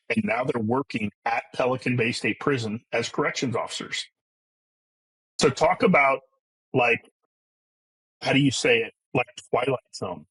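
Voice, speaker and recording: A man's voice: mid-range voice, fairly bright tone, slightly rough, rough recording. A middle-aged man as a podcast guest, telling his life story in a blunt, earnest way with casual profanity. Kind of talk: candid personal storytelling.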